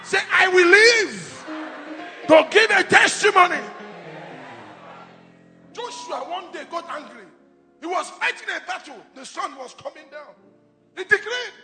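A man with an extremely high, expressive voice preaches a charismatic sermon a little slowly, with long pauses, in a large church hall. Fervent and often shouting, he has the crowd echo his repeated decrees. The room is reverberant, with faint music.

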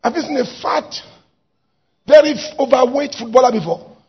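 Male preacher, gravelly high voice, shouts then drops low, muffled recording. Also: normal speed. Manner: emphatic, swings from shouted exhortation to quiet asides. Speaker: pastor. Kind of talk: sermon. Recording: dull lo-fi recording.

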